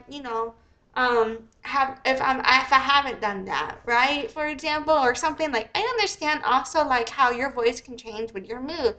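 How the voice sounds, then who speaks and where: Bright high-voiced woman rambling. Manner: rambling, many fillers and restarts. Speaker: host. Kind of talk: casual commentary monologue.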